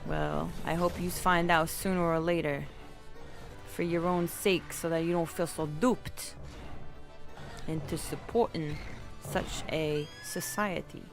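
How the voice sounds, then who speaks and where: A woman's voice: sits low, steady tone, takes it slowly, vocal fry, over music. A woman streaming a game, rambling playfully and chatting with her viewers. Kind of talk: live game stream chat.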